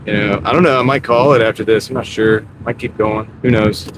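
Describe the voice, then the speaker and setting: A man chatting casually on a live stream while he drives deliveries, greeting viewers by name in a relaxed, rambling way. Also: lowish voice, fairly quick. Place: inside a moving car. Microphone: wireless clip-on mic. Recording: clear car road noise. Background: car and road noise.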